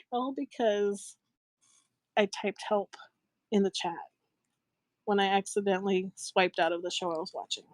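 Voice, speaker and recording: A middle-aged woman hosting a live shopping show, telling a story in a casual, animated, giggly way and acting out the voices she quotes. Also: mid-range voice, slow, pauses often, no room sound.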